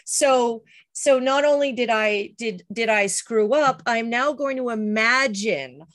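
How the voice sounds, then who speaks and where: A woman's voice: a little high, takes it slowly, fairly bright tone. A middle-aged woman talking casually, hesitant, with many restarts and fillers. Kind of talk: casual chat.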